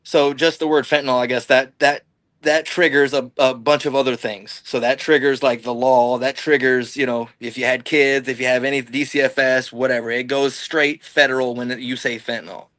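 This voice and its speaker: A man's voice: mid-range voice, fairly even intonation, moderate pace, a bit bright, dry recording. Profane rambling man telling a story. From Illinois-Iowa border, US. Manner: rambling, profane, acts out quoted dialogue. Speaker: podcast guest. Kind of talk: casual storytelling.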